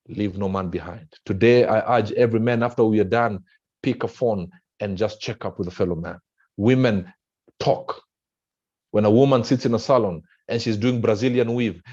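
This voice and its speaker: A man with a Kenyan accent giving an impassioned motivational speech, with wide swings in pitch and pace. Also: darkish tone. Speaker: motivational speaker. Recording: dull lo-fi sound.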